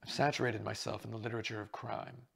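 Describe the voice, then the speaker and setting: A glamorous actress gushes in a bright, theatrical way, pitched up high, as a gravelly male reader plays her. Her words come loud and effusive. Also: little pitch movement, fast talker, exaggerated voice. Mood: gushing.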